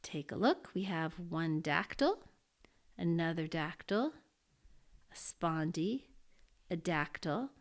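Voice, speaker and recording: Woman, teacher, careful step-by-step explanation, unhurried delivery. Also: fairly low pitch, animated. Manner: slow and deliberate, pausing to mark syllables. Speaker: Latin teacher. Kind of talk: slow, careful lesson explanation.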